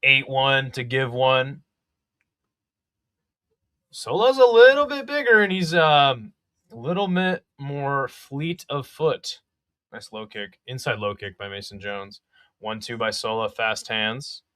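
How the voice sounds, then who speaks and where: A young man calls a fight live as a casual companion host, trading chat with viewers and swearing when the action heats up. His voice is bright and forceful. It sits close and dry on the mic, with no room around it. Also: medium pitch, expressive, takes it slowly, dry recording. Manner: chatty, swears, reads chat aloud.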